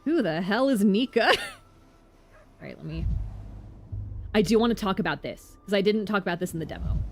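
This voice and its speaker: A woman casually commenting while streaming a game, chatty and excitable with frequent laughs. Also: mid-range voice, fairly quick, pauses often.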